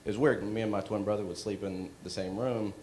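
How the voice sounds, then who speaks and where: Man, lowish voice, halting storyteller on a premiere panel; roomy echo. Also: steady tone, a little mellow, slight background noise. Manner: rambling, halting, chuckles often. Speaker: filmmaker at a premiere Q&A. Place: venue at a film premiere.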